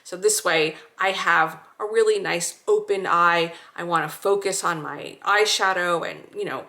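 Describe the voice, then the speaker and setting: A woman calmly demonstrating a skincare routine, giving slow, reassuring step-by-step cues. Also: lowish voice. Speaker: skincare instructor. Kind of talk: demonstration tutorial.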